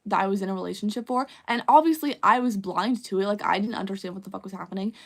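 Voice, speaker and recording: A woman's voice: mid-range voice, fast, creaky, fairly bright tone. A young woman streaming live, chatting casually and candidly, swearing freely. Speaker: livestreamer. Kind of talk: casual livestream chat.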